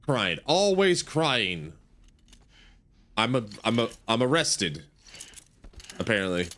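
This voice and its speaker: A young male streamer giving casual commentary on his first playthrough in a sleepy, relaxed, rambling way, full of fillers. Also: lowish voice, unhurried. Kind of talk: casual let's-play commentary.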